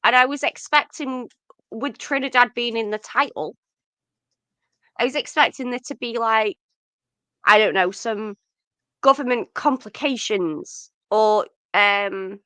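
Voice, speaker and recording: Bright-voiced woman chatting about films. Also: fairly high pitch, measured pace, clean tone, no echo. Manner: chatty, lots of fillers, rising excitement. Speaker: podcast co-host. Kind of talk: casual film discussion.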